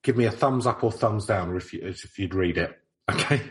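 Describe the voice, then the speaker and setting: A man's voice: fairly low pitch, moderate pace. A man co-hosting a casual comedy podcast, who reads old articles aloud in a playful, stiff old-fashioned voice. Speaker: podcast co-host.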